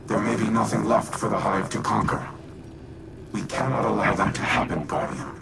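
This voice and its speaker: A man voicing a grave, ancient male warmind AI in a video game, giving formal, measured commands. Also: on the low side, steady tone, creaky, very noisy. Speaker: game character. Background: loud game music.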